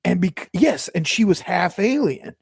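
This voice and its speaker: A podcast co-host recapping a documentary in casual chat, quick and profane, often correcting themselves. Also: mid-range voice, very animated, gravelly, husky, no room sound, studio quality. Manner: quick, swearing, self-correcting.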